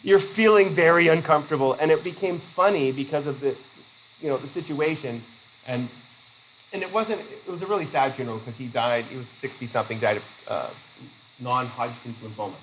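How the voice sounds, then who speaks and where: A man teaching a class, telling chatty stories with asides and quick laughs. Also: medium pitch, roomy sound, slight background noise, low-quality recording. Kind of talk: classroom lecture with anecdotes.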